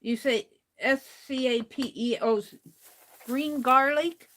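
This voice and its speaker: A woman's voice: high voice, a bit bright. A woman hosting a craft livestream, chatting casually and muttering to herself as she works. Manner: muttering to herself while working, slow and unhurried.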